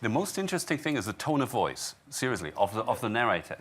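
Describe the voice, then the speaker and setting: A man's voice: mid-range voice, sing-song, quick pace, fairly bright tone, husky. Hesitant man moderating a panel. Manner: conversational, hesitant repeats. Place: conference hall.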